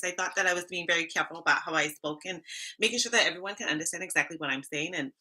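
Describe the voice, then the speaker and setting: A woman's voice: on the low side, racing, pushed and bright. A woman from Charleston with a Gullah Geechee accent, hosting a casual livestream and chatting straight to her viewers. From Charleston, South Carolina. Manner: chatty, talks straight to the chat. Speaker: HR livestream host.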